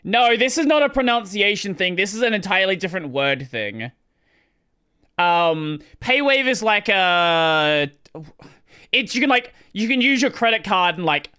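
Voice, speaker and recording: An Australian man offers blunt, offhand reaction commentary as a streamer. His voice is high and swoops around animatedly. It is bright and smooth, and he swears casually.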